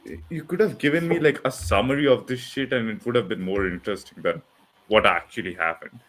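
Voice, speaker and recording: A man's voice: lowish voice, brisk, fairly bright tone. A young man co-hosting a casual review chat, stammering and repeating words as he talks. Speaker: co-host reviewer.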